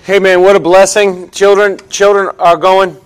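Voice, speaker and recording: A man's voice: high voice, little pitch movement, moderate pace, clean tone. A man serving as pastor, talking to the congregation in a conversational way. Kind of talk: sermon announcements.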